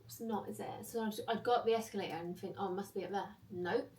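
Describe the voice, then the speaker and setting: A woman's voice: mid-range voice, fairly even intonation, quick pace, darkish tone, far from the mic, slight background noise. A young woman from chatting casually to her phone camera, self-mocking and rambling as she tells stories. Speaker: vlogger. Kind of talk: casual vlog chat.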